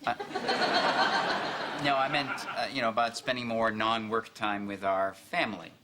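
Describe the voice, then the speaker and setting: A man's voice: fairly low pitch, fairly even intonation, moderate pace, very noisy, natural voice. An actor playing an awkward young male boss who hesitates and stammers earnestly, in a sitcom. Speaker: news director boss. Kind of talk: sitcom acting.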